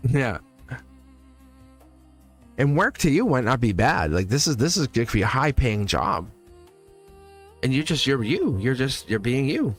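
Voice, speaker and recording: A man's voice: mid-range voice, sing-song, moderate pace, long pauses, faint music behind. A man hosting a live tarot reading, chatty and reassuring, speaking straight to a viewer and often laughing.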